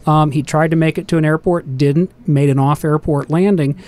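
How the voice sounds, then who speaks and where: A man explaining aviation safety in a calm, steady manner during a casual panel talk. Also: fairly high pitch, moderate pace.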